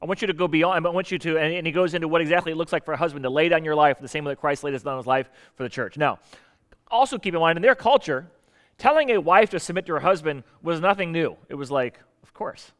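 Southern guy preaching, chatty sermon, kinda high voice, wry, loud then quiet. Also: expressive, fast talker, smooth. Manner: conversational, wry, jumps between loud emphasis and low asides. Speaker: pastor.

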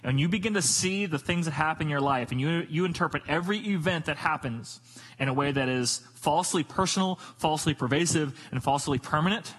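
A man's voice: a little high, a bit bright, slightly rough, low-quality recording. A man preaching a sermon as a pastor, emphatic and repetitive, asking rhetorical questions.

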